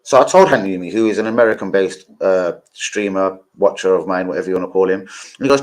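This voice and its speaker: A man's voice: low voice, fast, poor audio. A young man, chatting casually on a live football stream, rambling and swearing with many fillers.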